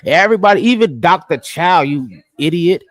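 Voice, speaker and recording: A man hosting a casual sports podcast, animated and emphatic as he talks. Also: sits high, normal speed, no echo. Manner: animated and emphatic, slips into impressions. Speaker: podcast host.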